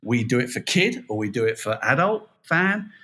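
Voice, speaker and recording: A man with a British accent, a toy designer chatting casually as a guest on a podcast, lively and self-deprecating. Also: mid-range voice, moderate pace. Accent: British English.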